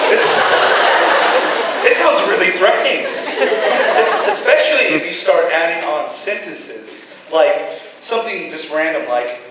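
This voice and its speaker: Teen boy doing stand-up in a booming hall. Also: unhurried, a loud crowd. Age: teens. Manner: casual, deadpan asides broken by sudden shouted bits. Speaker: student comedian. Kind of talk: stand-up comedy. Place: school auditorium stage. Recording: echoey hall from far off with noise.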